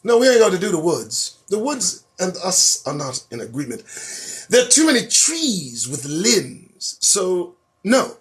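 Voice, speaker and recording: A man hosting a live stream, reading news headlines aloud and ranting about them in a sarcastic, profane, animated way. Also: high voice, a little slow. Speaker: host. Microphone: phone or webcam on a live stream.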